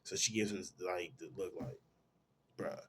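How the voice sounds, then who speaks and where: A man's voice: deep voice, brisk, slight background noise. Man animatedly retelling a movie plot. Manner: animated storytelling with slang. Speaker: film reviewer. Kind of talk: casual movie plot recap.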